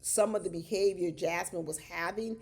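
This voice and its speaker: A woman recaps a reality show in a casual commentary vlog, her voice gravelly and mellow. She talks in an animated way, breaking into exclamations and speaking to her viewers as y'all. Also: on the low side, normal speed.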